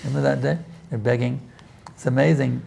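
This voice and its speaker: A man's voice: medium pitch, little pitch movement, brisk, creaky, darkish tone, a little hiss or hum. A man giving a conversational scripture class, with many "you see" asides and restarts, sometimes pleading intensely as he acts out prayers. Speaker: spiritual teacher answering questions. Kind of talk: informal scripture class talk.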